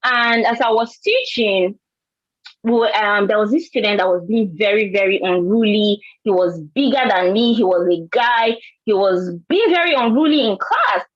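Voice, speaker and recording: A woman's voice: medium pitch, animated, normal speed, no room sound, dull audio. A woman from Nigeria with a Nigerian accent, telling an earnest personal story on a panel and often repeating words. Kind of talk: panel discussion.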